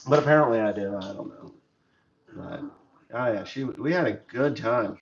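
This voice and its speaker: A man's voice: mid-range voice, moderate pace. A middle-aged man from the United States, a farmer telling rambling, joking stories on his livestream. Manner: chatty, joking storyteller. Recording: dull lo-fi sound with faint noise.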